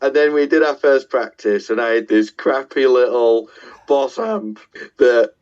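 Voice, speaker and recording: Expressive and unhurried, a middle-aged man with a Yorkshire accent tells casual, self-mocking stories as a guest musician, now and then swearing. His mid-range voice has a darkish tone, and the highs are cut off.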